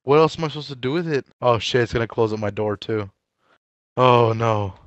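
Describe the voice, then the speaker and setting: A man in gaming voice chat with a dry, close mic sound and a medium-pitched voice. He plays up his outrage in a mock-dramatic, sarcastic way and swears freely. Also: a little fast, dry recording, muffled recording. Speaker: gamer trolling friends.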